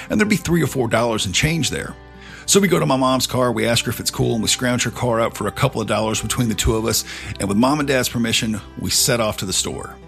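Brief: man narrating casually with cursing, gravelly voice, faint music behind. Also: mid-range voice, a bit bright. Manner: swearing, conversational. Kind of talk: casual storytelling.

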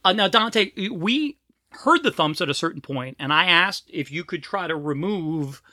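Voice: medium pitch, animated, moderate pace, bright, forceful tone, no echo, studio quality. A podcast host chatting casually and poking fun at himself, who sometimes giggles. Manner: self-deprecating, giggly.

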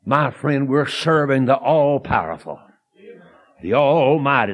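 A man preaching a fervent, folksy sermon and telling a story that builds to shouted emphasis. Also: medium pitch, animated, a little slow. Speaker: evangelist preacher.

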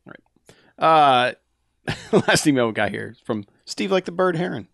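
A man's voice: a little high, expressive, normal speed, creaky, fairly bright tone, no room sound, clean studio sound. A man co-hosting a podcast, reading a listener's email aloud in a casual, laughing way. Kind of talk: casual chat.

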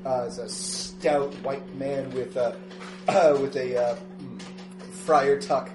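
A man running a tabletop game as game master, narrating haltingly with many fillers. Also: medium pitch, fairly even intonation, echoey room, music in the background.

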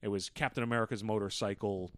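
A man's voice: fairly low pitch, quick pace, no room sound. A man co-hosting a podcast tells stories with a foul mouth and plenty of energy. He sits close to the mic, and the sound is very dry. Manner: profane, animated storyteller. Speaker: podcast co-host. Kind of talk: casual chat.

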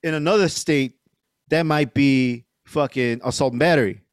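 A man's voice: medium pitch, normal speed, no room sound, clean studio sound. A middle-aged man, a podcast guest, telling a story casually with lots of fillers and swearing. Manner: rambling, profane, lots of fillers.

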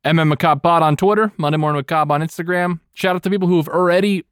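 A man in his twenties co-hosting a podcast in casual, jokey chat, often laughing and breaking into silly high voices. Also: fairly even intonation, fast talker, smooth, no echo, studio quality. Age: 20s. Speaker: podcast co-host.

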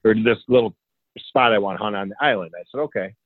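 Guy spinning a hunting yarn, lively, chuckles, sounds like a tinny dry phone line. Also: fairly low pitch, fast talker, no echo. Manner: animated, acts out quoted dialogue, chuckles often. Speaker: hunter telling a story. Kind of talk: casual storytelling.

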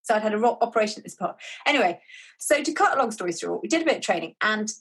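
A woman, telling a personal story in a chatty, animated way as an author guest. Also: mid-range voice, racing, breathy edge. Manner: animated, chatty, acts out quoted dialogue. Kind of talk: conversational storytelling.

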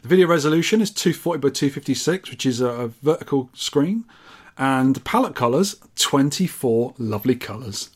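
A podcast host chats casually and wryly about retro games, playfully reading out specs with mock grandeur. His voice is mid-range with lively intonation, normal speed and a breathy edge.

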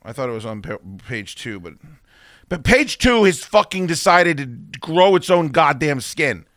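Podcast guy ranting and swearing thru stories, bright tone, super dry mic. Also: fairly high pitch, a little slow, no echo. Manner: profane, animated storytelling. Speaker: podcast co-host. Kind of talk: casual chat.

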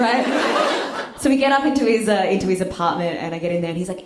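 A woman's voice: mid-range voice, fairly even intonation, rapid-fire. A woman doing a bawdy stand-up comedy set, telling a story and laughing through her lines. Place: comedy club stage with audience. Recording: echoey club room, audience noise.

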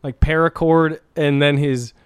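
A man hosts a casual, profane podcast and tells stories with lots of energy and frequent laughter. His voice is smooth and clean. He sits close to a dry studio mic. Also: fairly high pitch, measured pace, no room sound. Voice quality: animated storyteller, profane, laughs often. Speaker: podcast host. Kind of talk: casual crude podcast chat.

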